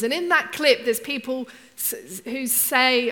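A woman's voice: sits high, normal speed, hardly any pauses, bright, forceful tone. A woman preaching a conversational sermon, often asking her congregation rhetorical questions. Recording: long hall reverb.

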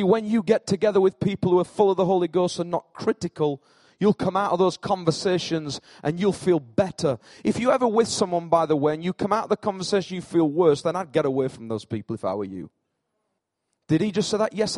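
A male pastor preaching a sermon, swinging between hushed lines and loud, animated peaks, and joking with his congregation by name. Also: high voice, no room sound.

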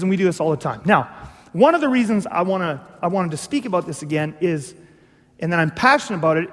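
A male pastor preaching a sermon, animated and full of rhetorical questions, acting out little dialogues. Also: sits high. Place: church hall. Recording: long hall reverb.

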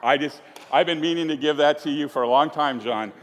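In an echoey church hall, a pastor with a fairly high, fairly bright voice talks a little fast, with some hiss or hum in the background. His sermon to the congregation in the sanctuary is conversational and full of jokes, and he acts out small scenes as he speaks.

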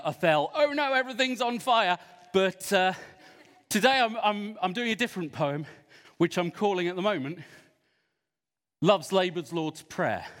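Comic serpent poet, pompous and self-important, a man doing it, high and bright, echoey hall. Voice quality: pompous, hissing shushes. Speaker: children's church entertainer. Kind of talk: comic character performance. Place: large church hall.

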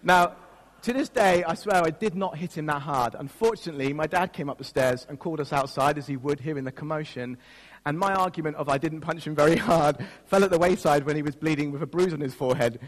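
A man's voice: fairly high pitch, quick pace. Man preaching in a reverberant church. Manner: storytelling, self-mocking, laughs often. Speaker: pastor. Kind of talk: sermon with personal story. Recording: long reverb of a church hall.

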